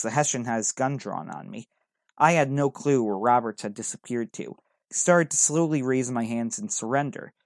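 A man's voice: mid-range voice, no room sound, clean studio sound. A man reading a first-person adventure story aloud in an earnest, dramatic way. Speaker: narrator.

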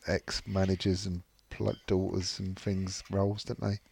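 A man's voice: low-pitched, level tone, a little slow, vocal fry, a little mellow, slight background noise. A man chatting on a football podcast in a gossipy, offhand way. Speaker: podcast co-host. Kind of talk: casual football podcast chat.

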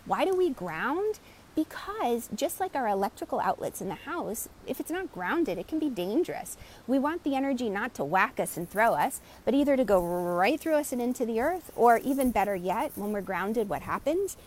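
A woman energy coach telling client stories in an animated way and greeting live viewers by name. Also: a little high, moderate pace, slight background noise. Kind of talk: live-stream teaching talk.

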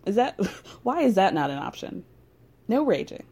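A woman's voice: medium pitch, big pitch swings, moderate pace, dark tone, husky. A young woman casually recapping a reality TV episode with chatty, sarcastic asides.

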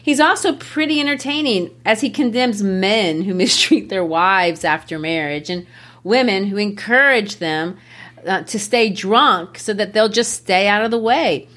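A woman's voice: mid-range voice, lively intonation, unhurried, fairly bright tone. Woman analyzing a play, amused. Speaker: podcast co-host discussing a play. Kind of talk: casual literary discussion.

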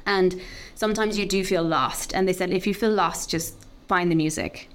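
A woman's voice: on the low side, moderate pace. Woman telling a heartfelt story. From Ireland. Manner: open, heartfelt, full of "like" fillers. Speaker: guest. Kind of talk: candid personal storytelling.

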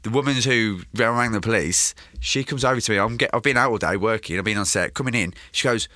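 A man's voice: fairly low pitch, quick pace, pushed and bright, no room sound, studio quality. A man telling a long, rambling story in casual interview chat, swearing freely and slipping into voices of the people in it. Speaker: guest.

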